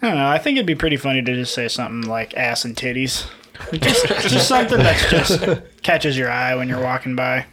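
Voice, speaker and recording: A man's voice: mid-range voice, fast, hardly any pauses, bright, forceful tone. A man co-hosting a podcast, chatting casually with dry, joking asides. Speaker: podcast co-host. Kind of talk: casual chat.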